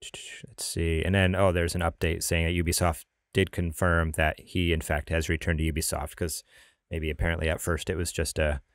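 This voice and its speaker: A man's voice: sits low, flat delivery, brisk, no room sound, clean studio sound. A man hosting a casual gaming podcast, chatty and rambling, often laughing. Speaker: podcast host.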